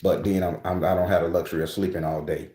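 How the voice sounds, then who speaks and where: A man's voice: low voice, level tone, quick pace, dark tone, echoey room. A man hosting his own channel, talking casually and loosely to his viewers, with rambling restarts and frequent swearing. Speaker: spiritual channel host.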